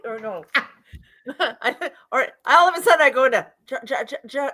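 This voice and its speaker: Giggly high-voiced woman co-hosting a live stream. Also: animated, normal speed, sharp tone. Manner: giggly, playful, slips into joke accents. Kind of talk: casual chat.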